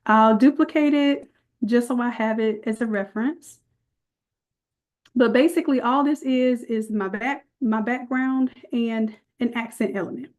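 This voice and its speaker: A woman's voice: a little high, a little slow, a little mellow, highs cut off. A woman leading a live online design class, chatty and folksy, calling her viewers y'all as she walks through the steps. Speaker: design instructor.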